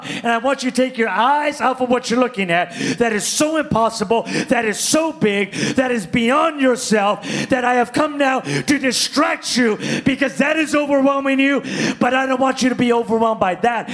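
A middle-aged man preaching a sermon with passion, repeating phrases, swinging between loud declarations and quiet asides. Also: extremely high pitch. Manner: impassioned, repetitive, shifts between shouting and muttered asides.

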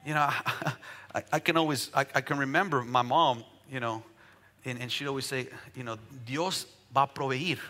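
Bright, lively joking preacher man. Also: mid-range voice, normal speed. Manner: conversational preaching with jokes, rising to shouted declarations. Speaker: pastor. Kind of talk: sermon.

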